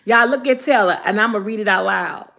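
A woman's voice: medium pitch, a little fast, creaky, pushed and bright. An older woman hosting a casual live vlog, chatting with viewers, reading their comments aloud and laughing often. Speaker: vlogger.

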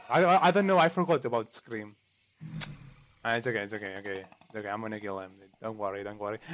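A young man playing a multiplayer game, talking excitedly, yelling for help, cursing and saying "dude" all the time. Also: medium pitch. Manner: excitable, yells for help, curses, says "dude" constantly. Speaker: gamer. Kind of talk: excited gaming commentary.

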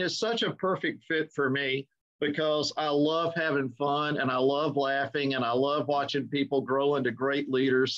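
A middle-aged man hosts a relaxed interview with a fairly high voice for a man. He talks in an easygoing storytelling way, and the sound is dull and lo-fi. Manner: easygoing storyteller, chuckles while recalling pranks. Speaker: podcast host. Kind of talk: conversational interview. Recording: dull lo-fi audio.

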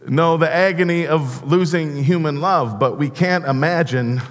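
A man preaching a sermon as pastor, earnest and halting, often restarting his words. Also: mid-range voice. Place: church sanctuary. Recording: long church reverb.

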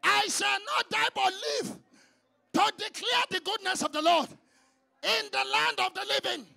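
High, gravelly man shouting fervent prayers. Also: measured pace. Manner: fervent, chanting repeated calls to the Lord; drops to quieter exhortation between prayers. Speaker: prayer leader.

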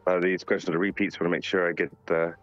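A man from North Carolina, a voice actor reading out fan questions and answering them in a relaxed, joking way. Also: sits low, very fast. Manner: laid-back, joking, reads questions aloud. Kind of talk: casual live Q&A. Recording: dull lo-fi sound with faint music behind. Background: faint music.

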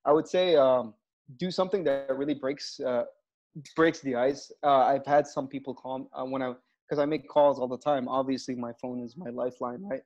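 A man's voice: medium pitch, moderate pace. A man from Egypt, a comedian, chatting in an interview and acting out his stage routine with lots of swearing. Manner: animated storyteller, acts out his stage bits, swears freely. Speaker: comedian guest. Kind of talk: casual interview chat. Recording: muffled lo-fi video call audio.

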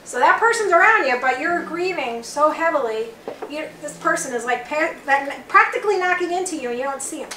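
A woman's voice: high-pitched, expressive, a little fast, pushed and bright. A woman with a Long Island accent giving a chatty, rambling psychic reading to a small group, relaying messages in quotes. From Long Island, New York. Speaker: psychic reader. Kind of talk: live psychic reading for an audience. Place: bookstore event room, small group. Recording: roomy, from far off, faint noise.

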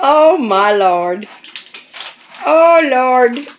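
A woman's voice: sits high, very noisy. An adult woman filming her young daughters at home, laughing often and cooing and cheering at the baby. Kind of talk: casual home video commentary.

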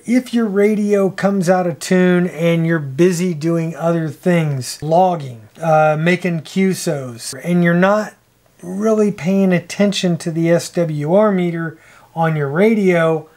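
A man hosting a ham radio video, talking casually to camera with a loose, chatty manner and frequent pauses and uhs. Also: high voice, a little mellow.

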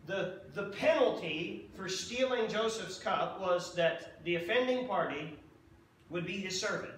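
A man's voice: high-pitched, unhurried, slight background noise. A man preaching a sermon as pastor, talking in a conversational way and often checking in with "okay?". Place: church sanctuary. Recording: echoey church from a distance.

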